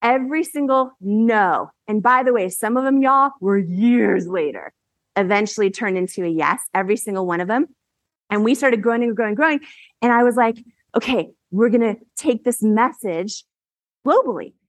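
A woman in her forties delivers a motivational keynote from a stage, and her voice sits somewhat high. She tells stories animatedly and laughs often. The sound is dry and close. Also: lively intonation, moderate pace, no room sound. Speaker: keynote speaker. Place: event stage.

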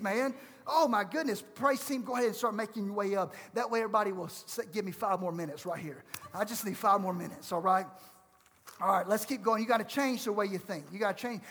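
A man preaching a sermon as pastor, fervent and conversational, swinging between loud exhortation and hushed asides. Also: sits high, slightly rough. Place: church sanctuary. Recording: long hall reverb.

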